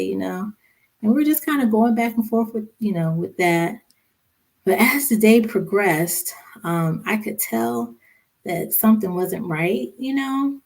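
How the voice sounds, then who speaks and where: Woman, podcast guest, husky, mellow, halting, somber storytelling. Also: medium pitch, animated. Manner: halting, many "you know" fillers; somber, recounting a hard memory. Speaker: podcast guest, social worker and mother. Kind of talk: personal storytelling in a podcast interview.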